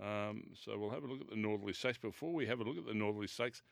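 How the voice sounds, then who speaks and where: A man's voice: lowish voice, quick pace, vocal fry, dry recording, studio quality. An Australian man hosting a live racing radio show, chatty and leading each segment with a few fillers. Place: radio studio.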